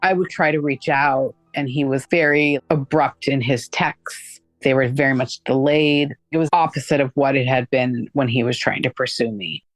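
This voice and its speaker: Low-voiced woman telling her own story, chatty with lots of "like", dry close sound. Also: steady tone, normal speed, hardly any pauses, no room sound, faint music behind. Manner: conversational, frequent "like" fillers, acts out quoted dialogue. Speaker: guest recounting her experience. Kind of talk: candid personal storytelling.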